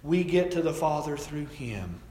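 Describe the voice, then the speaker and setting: A middle-aged man preaches in a plain, folksy storytelling way, his voice a touch on the high side. The sound rings around a large church sanctuary, with a long, echoing tail. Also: big pitch swings, unhurried, warm tone, slight background noise. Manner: folksy, storytelling preacher with rising and falling emphasis. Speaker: pastor. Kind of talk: sermon. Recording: echoey hall, distant mic.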